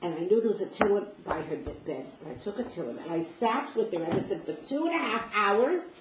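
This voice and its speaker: An older woman with a medium-pitched, animated voice talks quickly as she shares personal memories in the first person. Her retelling is vivid and emotional, with dialogue reenacted, and a roomy, distant mic picks up faint noise.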